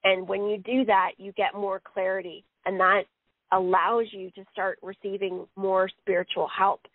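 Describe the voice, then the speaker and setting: A woman's voice: mid-range voice, little pitch movement, normal speed, dry recording. A woman working as a psychic medium on a live radio show, relaying messages in a rambling way with frequent "he says.". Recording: phone-line sound, dry.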